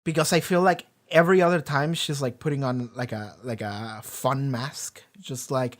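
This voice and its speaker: A man hosting his own channel, talking casually with rambling, animated delivery and casual swearing. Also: medium pitch, normal speed, hardly any pauses. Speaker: reaction channel host. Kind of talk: casual discussion.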